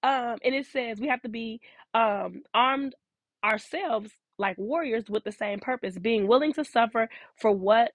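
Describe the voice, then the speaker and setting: Woman devotional host, mid pitch; down-home preacher delivery with repeated punchlines. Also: fairly bright tone, dry recording.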